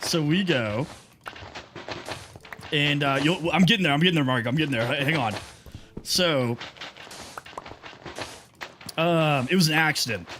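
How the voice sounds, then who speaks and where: A man's voice: on the high side, unhurried, pauses often, fairly bright tone, slight background noise. A young man livestreaming, telling a rambling story to his chat and greeting viewers as they arrive. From United States. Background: music.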